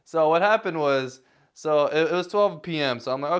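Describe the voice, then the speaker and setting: A man's voice: fairly high pitch, normal speed, clear, resonant tone. A man vlogging casual advice in a self-deprecating way, chuckling now and then. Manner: self-deprecating, many fillers and restarts, chuckles. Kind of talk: casual talking-head advice.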